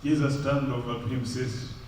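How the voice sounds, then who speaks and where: A pastor preaching a sermon in a church, moving between loud raised lines and low quiet ones. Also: male voice, level tone, fairly quick, a little hiss or hum. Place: church hall. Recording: very echoey church from far off.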